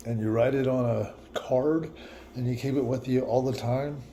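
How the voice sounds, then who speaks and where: Slow, musing man with a mellow voice. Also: mid-range voice, slight background noise. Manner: musing, repetitive, laughs at himself. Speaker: vlogger. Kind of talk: reflective personal monologue.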